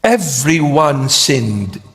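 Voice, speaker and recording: A man's voice: mid-range voice, big pitch swings, extremely slow, a bit bright. A man preaching a sermon to a congregation in a church. He speaks in a dramatic way and acts out the scripture quotes. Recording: long church hall reverb.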